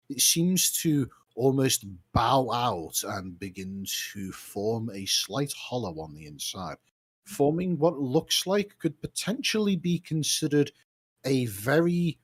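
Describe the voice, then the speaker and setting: A man's voice: mid-range voice, slightly rough, dry recording. A man narrating as game master in a tabletop game over a voice call, rambling and correcting himself. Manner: rambling, self-interrupting.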